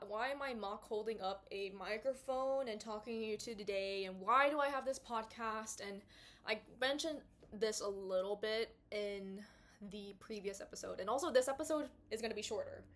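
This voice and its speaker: A woman's voice: fairly high pitch, moderate pace, a bit bright. Twenties female host, loose casual chat full of asides, recorded in her bedroom. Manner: chatty, rambling, full of fillers and asides. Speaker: podcast host. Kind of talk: casual talking-to-camera chat. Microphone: small clip-on mic.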